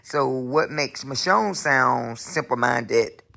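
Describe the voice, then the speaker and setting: A woman from Georgia with a Southern Georgia accent, leaving an animated, emphatic voice message that wanders off on tangents. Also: extremely low pitch, slow, creaky. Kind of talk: recorded voice message, casual rant.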